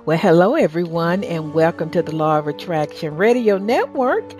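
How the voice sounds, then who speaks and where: A woman's voice: fairly low pitch, moderate pace, soft background music. Upbeat Southern woman hosting radio. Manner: enthusiastic, lively, with frequent fillers. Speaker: talk radio host and success coach. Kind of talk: upbeat radio show monologue.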